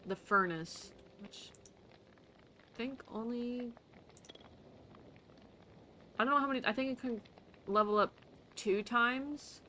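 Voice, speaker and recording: A woman's voice: a little high, slow, long pauses, pushed and bright, a little hiss or hum. A woman streaming a game, chatting casually to herself, laughing often and swearing casually. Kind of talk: casual gameplay commentary.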